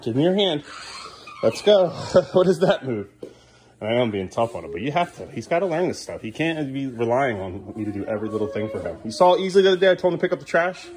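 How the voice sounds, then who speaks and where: A man's voice: mid-range voice, very animated, fast, a little mellow, a little hiss or hum. A father filming a home vlog, firmly repeating short commands to his child as he tidies up indoors. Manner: firm, repetitive commands to a child. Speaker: father and vlogger.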